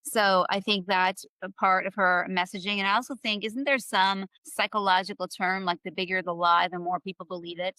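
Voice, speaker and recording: A woman's voice: mid-range voice, fairly even intonation, brisk, hardly any pauses, sharp tone, no echo, rough recording. A woman co-hosting a political discussion, earnest and rambling, restarting her sentences. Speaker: co-host.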